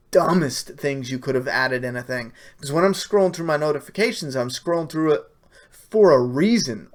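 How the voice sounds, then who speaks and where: A man hosting a casual live stream, reading viewer questions and giving blunt, profane opinions with lots of fillers. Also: on the high side. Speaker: livestream host answering viewer questions.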